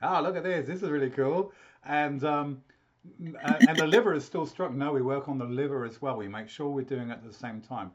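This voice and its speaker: A man's voice: medium pitch, a little fast. Guy health coach rambling thru a consult, keeps restarting, kinda muffled lo-fi audio. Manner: rambling, many restarts and repeated words. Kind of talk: live consultation talk.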